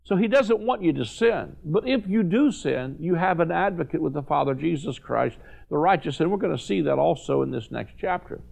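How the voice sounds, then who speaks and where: Fervent preacher with a gravelly voice. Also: male voice, a little high, expressive, moderate pace, darkish tone. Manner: fervent, emphatic, repeats phrases for stress. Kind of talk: televised sermon.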